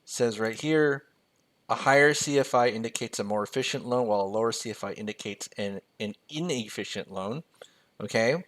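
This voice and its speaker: A man's voice: fairly low pitch, moderate pace, a bit bright. An American-raised man mentoring on personal finance, walking through a spreadsheet in a loose, joking way and reading numbers aloud as he types them. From United States. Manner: casual and jokey, reading figures aloud as he types. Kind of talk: screen-share spreadsheet tutorial.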